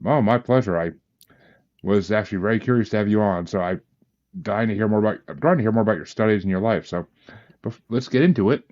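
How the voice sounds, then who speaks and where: A man's voice: lowish voice, fast, darkish tone. A man hosting a podcast, chatty and self-deprecating as he talks with a guest. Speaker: podcast host. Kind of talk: casual podcast interview. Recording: dull lo-fi audio.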